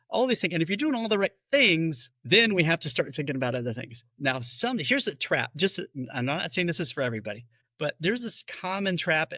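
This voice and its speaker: A man's voice: on the high side, big pitch swings, a little fast, sharp tone, dry recording, lo-fi sound. A man who is a bariatric physician, patiently explaining in a podcast interview and acting out his patients' questions.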